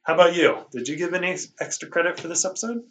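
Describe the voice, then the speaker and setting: Sarcastic man, slightly high voice. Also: animated, very fast, a bit bright. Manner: sarcastic, exaggerated mock disbelief. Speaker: podcast co-host. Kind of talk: casual chat.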